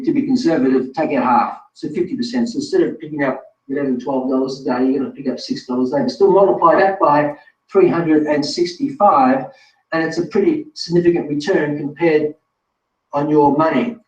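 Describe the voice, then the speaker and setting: A man's voice: a little high, fairly quick, a little mellow. A man presenting a live online webinar, talking straight to viewers in a chatty, self-correcting way. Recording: distant roomy lo-fi sound.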